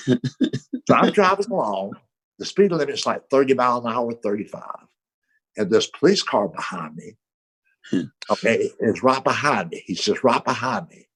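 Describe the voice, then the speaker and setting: An older man tells a story with a husky, breathy voice, and his pitch swings widely as he goes. He acts out the people in it, on a video call. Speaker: comedy panel guest. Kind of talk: casual anecdote.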